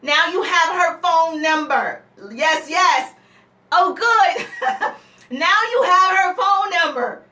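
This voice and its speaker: High bright-voiced woman coaching a room. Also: slow pace. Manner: energetic, acts out scripted dialogue, teasing asides. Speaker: business coach. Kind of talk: live networking seminar. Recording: echoey room, mic at a distance.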